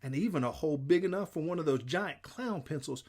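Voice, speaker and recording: A man reading a children's novel aloud in plain, steady first-person narration. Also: fairly high pitch, fairly quick. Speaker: audiobook reader.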